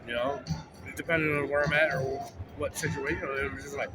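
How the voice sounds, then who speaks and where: A man's voice: fairly high pitch, fairly even intonation, a little fast. A man telling a long, rambling story outdoors by a road, profane and full of "like" and restarts. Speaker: vlogger. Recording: clear music behind the voice.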